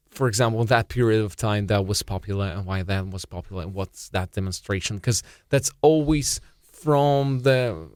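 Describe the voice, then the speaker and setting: A man with a Russian accent, chatting as a comedian co-host, halting and restarting as he tells a joke story. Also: mid-range voice, no room sound, clean studio sound. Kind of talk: casual chat.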